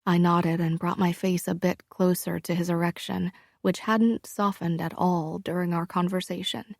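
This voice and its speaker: A woman narrating a first-person romance audiobook in a slow, hushed, intimate manner. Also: fairly low pitch, little pitch movement, gravelly, dry recording, clean studio sound.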